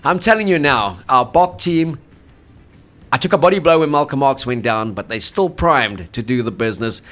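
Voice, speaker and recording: A man co-hosting a rugby podcast in casual sports chat, emphatic and quick to laugh. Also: mid-range voice, expressive, fairly bright tone.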